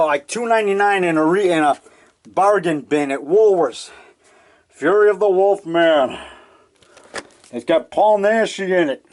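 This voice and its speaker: Older man in his sixties, slightly high voice, loose rambling show-and-tell at home, peppers talk with "man.". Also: a little mellow. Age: 60s. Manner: rambling, chatty, keeps adding "man" and "you know". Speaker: filmmaker showing his collection. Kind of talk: casual show-and-tell monologue.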